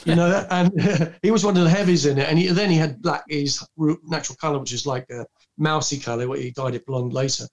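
Rambling older man, slightly high. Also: lo-fi sound. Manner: rambling, full of fillers and restarts. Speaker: guest recalling film work. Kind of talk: anecdotal storytelling.

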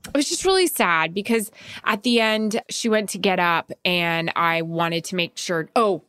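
A woman's voice: on the low side, normal speed, smooth, dry recording, studio quality. A woman co-hosting a casual talk show, telling stories and acting out the voices of the people in them. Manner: animated storyteller acting out quoted voices. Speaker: podcast co-host. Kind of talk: casual chat.

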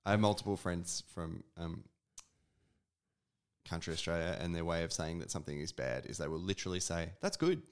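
A man co-hosting a podcast, talking in a relaxed, casual way with plenty of fillers. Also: low-pitched, a little fast, clear, resonant tone. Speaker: podcast co-host. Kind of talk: casual chat.

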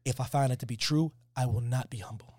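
A man's voice: mid-range voice, fast talker, mellow, no room sound, clean studio sound. A man hosting a podcast, talking in a casual, emphatic and slangy way, repeating his points. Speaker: podcast host.

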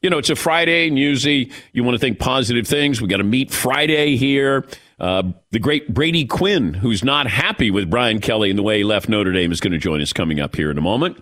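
A middle-aged man hosting a sports radio show in casual chat, animated and laughing often. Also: medium pitch, a little fast.

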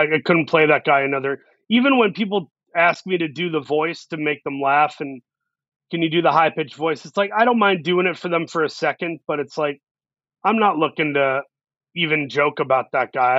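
Earnest bright-voiced man, dull dry sound. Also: on the high side, normal speed, dry recording. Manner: earnest, reflective, talks in long run-on thoughts. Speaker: actor, guest. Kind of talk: casual interview talk.

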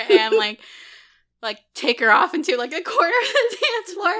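A woman player in a tabletop game, chatty and giggly. Her voice sits high and bright. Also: lively intonation, moderate pace, clean tone. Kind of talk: casual tabletop play.

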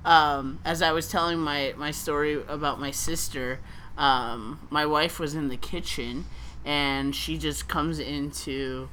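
A man's voice: a little high, fairly even intonation, measured pace, sharp tone, slight background noise. A man hosting a casual podcast, telling stories in a rambling way with many fillers and restarts. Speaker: podcast host.

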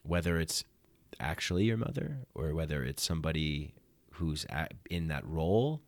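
A man's voice: a bass voice, expressive, normal speed, no echo. A man hosting a podcast, talking in an earnest, reflective way in casual conversation. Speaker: podcast host.

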